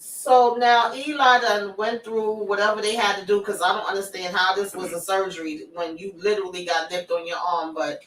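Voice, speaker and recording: A woman's voice: mid-range voice, steady tone, moderate pace, hardly any pauses, a bit bright, echoey room, recorded from a distance, a little hiss or hum, rough recording. A woman hosting a casual TV recap chat, telling the story loosely in slang and reading viewer comments aloud. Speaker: show host.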